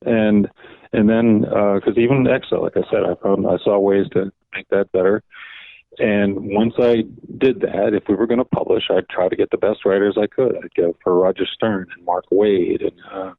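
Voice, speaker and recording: An older man tells long, meandering stories as a podcast guest, looping back with "so anyway" and acting out the dialogue. His voice is low and gravelly. It comes through a dry, tinny, phone-like line. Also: fairly even intonation, moderate pace, no echo. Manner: rambling anecdotes, repeats "so anyway", acts out quoted dialogue. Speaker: guest, veteran comics editor. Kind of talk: casual interview storytelling.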